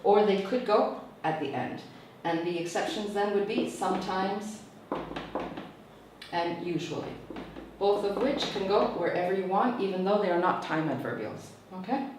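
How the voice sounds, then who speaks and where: A woman's voice: mid-range voice, moderate pace, noisy background. A woman teacher trainer giving a tutorial lecture, explaining patiently and checking in with "okay?" after each point. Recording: echoey room, mic far off.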